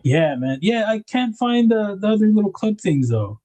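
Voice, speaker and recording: A man's voice: sits high, sing-song, moderate pace, mellow. A man hosting a casual livestream, rambling about knife design and greeting viewers in the chat by name.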